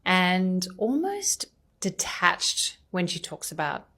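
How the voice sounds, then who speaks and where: Low-voiced Australian woman journalist. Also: wildly swooping pitch, slow, bright, forceful tone. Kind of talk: calm TV interview narration.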